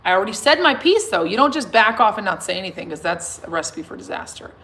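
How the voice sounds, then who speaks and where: A woman in her thirties chatting casually to her followers, emphatic and self-assured, swinging from soft to loud. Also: medium pitch, very animated, quick pace. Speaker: singer and vlogger addressing her followers. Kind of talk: casual livestream chat reading comments.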